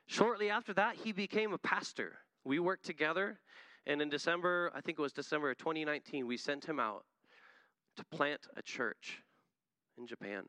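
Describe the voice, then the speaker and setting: A man's voice: on the high side, animated, moderate pace, bright, forceful tone, dry recording. Earnest man preaching a sermon. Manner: earnest, swells to emphatic peaks. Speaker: missionary preacher.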